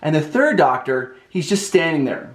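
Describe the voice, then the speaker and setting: Animated man telling a story, echoey room. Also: fairly high pitch, normal speed. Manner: animated, with lots of "like" fillers. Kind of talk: casual personal storytelling.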